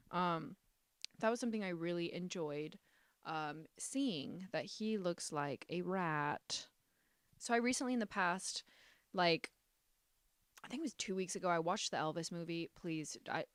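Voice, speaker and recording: A young woman hosting a casual solo podcast, ranting sarcastically and swinging from low muttering to loud outbursts. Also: no echo, studio quality. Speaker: podcast host.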